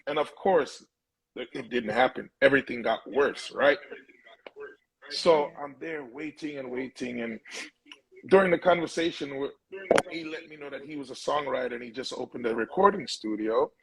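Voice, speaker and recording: A man's voice: medium pitch, normal speed, vocal fry, a crowd in the background, rough recording. A middle-aged man, a musician being interviewed, telling a long personal story in an earnest, rambling way with many restarts. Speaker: musician guest.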